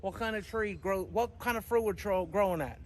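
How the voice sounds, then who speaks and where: Dude doing a dopey loudmouth fat guy, high voice, lots of outdoor noise behind him. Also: moderate pace, natural voice. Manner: dopey put-on voice, goofy deadpan jokes. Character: loud dim-witted fat man, brash and oblivious. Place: outdoors at a museum.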